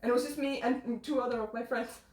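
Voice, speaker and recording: High-voiced chatty woman, echoey kitchen. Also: steady tone, quick pace. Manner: rambling, laughing often, restarts. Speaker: stream host. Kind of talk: casual chat. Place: home kitchen. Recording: echoey room.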